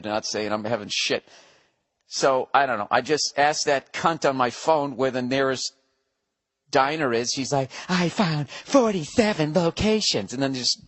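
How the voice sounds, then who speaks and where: A man in his forties hosting a podcast, telling a profane comedic story solo, acting out voices in animated asides. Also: medium pitch. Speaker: podcast host.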